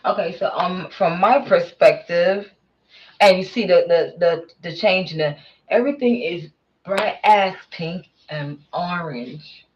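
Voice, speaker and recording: A woman talking casually in an excited vlog, exclaiming and trailing off into murmurs. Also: fairly low pitch, a little slow, dull audio. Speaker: vlogger.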